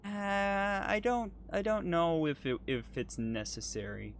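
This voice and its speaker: A man's voice: fairly high pitch, measured pace. A man co-hosting a casual chat while playing a game, hesitant and apologetic, with lots of ums. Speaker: podcast co-host playing a driving game.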